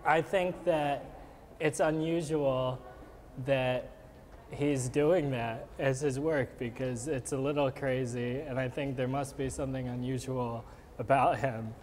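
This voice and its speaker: A man answering a street interview question in a thoughtful, measured way. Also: mid-range voice, steady tone, a little mellow, slight background noise. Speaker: passerby interviewee. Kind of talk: street vox pop.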